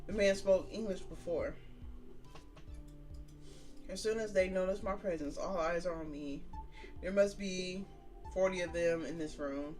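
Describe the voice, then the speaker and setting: A streamer reads a story game aloud and keeps breaking off for casual, profane, joking commentary. The voice sits at an ordinary middle pitch. Faint music plays underneath. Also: unhurried, long pauses, a little mellow, recorded from a distance. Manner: casual, profane, joking asides between read lines. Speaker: gaming streamer.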